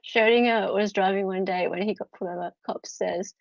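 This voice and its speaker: A woman's voice: medium pitch, fairly even intonation, normal speed, vocal fry, hardly any pauses, no room sound, muffled recording. An Australian woman hosting a casual live stream about a court trial, chatting and laughing with her viewers. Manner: chatty, laughs often, answers chat viewers; mocks posh barristers in put-on voices.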